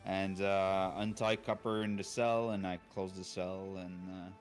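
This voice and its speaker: A man's voice: low voice, level tone, unhurried, soft background music. A man playing a tabletop game, chatting casually and playfully with his group. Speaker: player.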